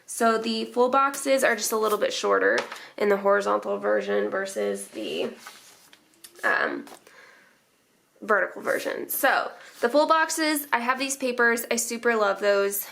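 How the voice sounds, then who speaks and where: A woman's voice: medium pitch, lively intonation, a little slow, creaky, a bit bright. A young woman vlogger chatting casually and emotionally as she decorates her planner, rambling and laughing often.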